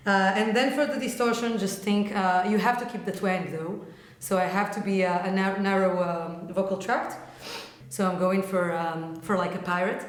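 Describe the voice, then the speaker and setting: A woman vocal coach explains technique in a casual, lively way and slips into quick sound demonstrations. Her voice sits at a middle pitch. The recording has a roomy echo. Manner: casual and animated, breaks into short vocal demonstrations. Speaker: vocal teacher. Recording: echoey room.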